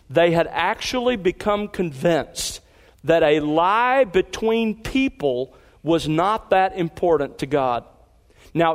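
High-voiced preacher in a reverberant hall. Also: male voice. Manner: emphatic, rising on key phrases, reads scripture aloud. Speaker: pastor. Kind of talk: expository sermon.

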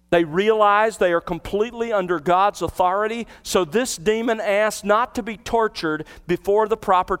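A man's voice: high voice, smooth. A man preaching an expository sermon, teaching earnestly, retelling the scene vividly and asking rhetorical questions. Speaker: pastor.

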